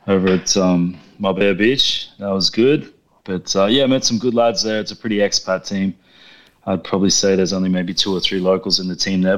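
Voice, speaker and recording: A man from Australia calling in to a podcast, chatting easily with laughs. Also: lowish voice. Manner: easygoing, laughs, says mate often. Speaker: guest calling in. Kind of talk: casual chat on a call.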